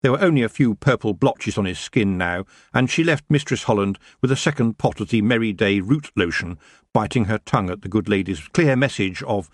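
A man narrating a fantasy audiobook in a lively storytelling manner. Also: lowish voice, brisk, no room sound, studio quality. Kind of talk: scripted narration.

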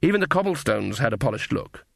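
A man's voice: mid-range voice, sing-song, fast, vocal fry, no room sound. A man narrating an audiobook in a wry, dry manner. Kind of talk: scripted narration.

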